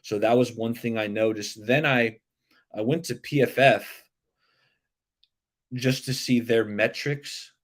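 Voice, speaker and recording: A man's voice: mid-range voice, steady tone, slow pace, long pauses. A man hosting a live sports talk stream, chatting loosely and reacting to viewer comments. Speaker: livestream sports show host.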